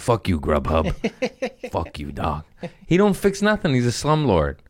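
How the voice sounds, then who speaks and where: A man with a low voice that swings widely up and down as he jokes through his podcast. He rambles, swears freely and keeps laughing at himself. The sound is dry and close, with no room around it. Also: very animated, moderate pace, no room sound. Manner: joking, profane, self-mocking, laughs often. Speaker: podcast host. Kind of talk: rambling comedic podcast monologue. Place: his apartment.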